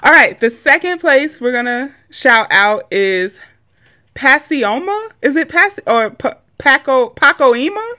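A woman co-hosts a podcast in loose, animated chat. Her voice is bright and swoops up and down. She jokes around and laughs often. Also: sits high, unhurried. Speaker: podcast co-host. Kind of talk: casual chat.

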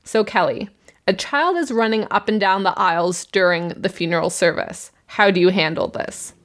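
A woman's voice: medium pitch, moderate pace. A Canadian woman co-hosting a podcast, recapping a show with wry, playful remarks. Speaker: podcast co-host. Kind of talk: casual chat recap. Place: room at home.

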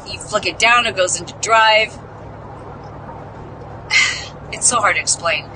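A talkative woman from the Midwest tells a story as a podcast host, poking fun at herself and jumping up in pitch when she plays the people in it. Her voice sits at a middle pitch for a woman. Clear traffic and outdoor noise runs under the recording. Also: slow. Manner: chatty, self-mocking, acts out quotes with jumps in pitch. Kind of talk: casual storytelling.

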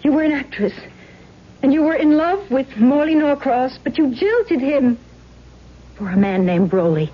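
An actress playing a curious, stubborn young tenant who questions and accuses in a 1970s radio drama. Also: female voice, sits high, expressive, measured pace, highs cut off. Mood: probing. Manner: curious, then probing and accusing.

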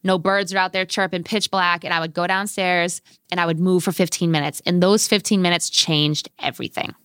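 A woman's voice: fairly low pitch, a little fast, clear, resonant tone, dry recording, studio quality. A woman in her thirties, a fitness instructor, telling stories animatedly as a guest in a podcast interview. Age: 30s. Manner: animated, vivid storyteller.

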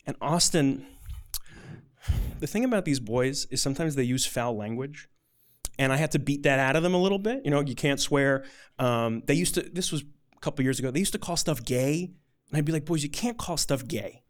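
A man's voice: medium pitch, fairly quick. A man telling a personal story to an audience, conversational and rambling, with a self-deprecating, emotional edge.

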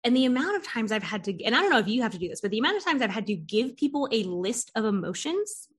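Quick and slightly rough, her fairly high voice swings widely in pitch. This podcast host, also a therapist, keeps the interview casual, animatedly recounting stories about her clients, performing their lines and laughing a lot.

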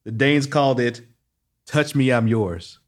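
A middle-aged man hosting a casual podcast chat, animated and laughing often. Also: medium pitch, a little slow. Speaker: podcast host.

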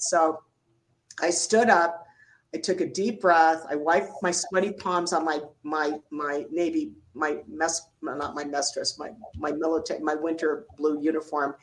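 An older woman recounts her career in a lively storytelling manner. She slips into the voices of the people she quotes, and her voice sits on the lower side. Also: measured pace, a little hiss or hum, poor audio. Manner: animated storyteller, acts out quotes. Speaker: guest, retired Navy doctor. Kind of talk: storytelling interview.

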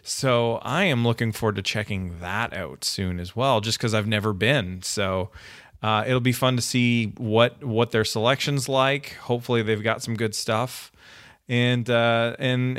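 A man co-hosting a casual book podcast, talking in a relaxed, easygoing way over a remote call. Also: medium pitch, unhurried, dry recording, clean studio sound. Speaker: podcast co-host. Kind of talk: casual chat.

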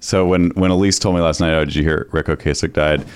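A man's voice: rumbling low, fairly even intonation, quick pace, smooth. A man co-hosting a casual podcast chat, joking and laughing often. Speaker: podcast co-host.

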